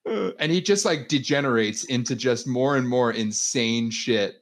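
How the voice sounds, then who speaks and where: A young man co-hosting a loose, casual podcast with friends. He laughs easily and slips into mock-dramatic readings when quoting something. His voice sits at an ordinary middle pitch. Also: moderate pace. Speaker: podcast co-host. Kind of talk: casual chat.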